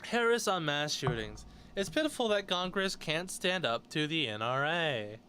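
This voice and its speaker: A man's voice: fairly high pitch, sing-song, normal speed, sharp tone. A male host reads news stories aloud in a somewhat raised voice and cuts in with blunt, sarcastic remarks of his own. A faint hum of room noise sits under his voice. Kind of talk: news commentary, reading articles aloud.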